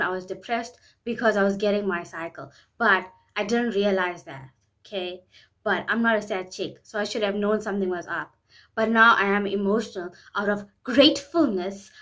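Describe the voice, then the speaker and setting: A woman's voice: mid-range voice, a bit bright. Rambling, candid woman vlogger. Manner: rambling, repeats herself often; earnest and open about private matters. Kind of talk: candid personal vlog talk.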